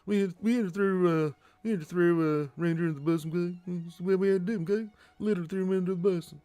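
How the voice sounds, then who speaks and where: A man doing an impression of a fussy middle-aged cartoon school counselor who stumbles through halting lines and keeps tagging them with "okay?". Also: high voice, fairly even intonation, mellow, clean tone, no echo, pitched above the performer's own voice, close to an everyday voice. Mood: explaining.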